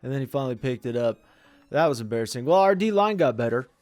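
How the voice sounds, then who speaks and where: A man's voice: medium pitch, animated, fast. A young man giving casual, joking commentary over a football video game, trash-talking his players as he plays. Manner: loud, joking trash talk at the screen. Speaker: gaming commentator.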